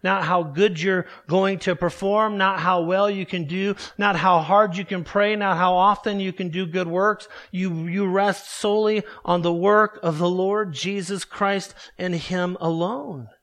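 A man preaching a sermon in an emphatic, measured way, leaning on key words. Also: high-pitched, fairly even intonation, a bit bright. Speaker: pastor.

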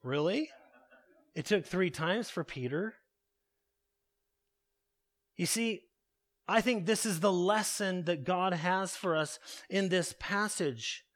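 A man preaching a sermon, slow and deliberate, repeating his key phrases for weight. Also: sits high, a bit bright.

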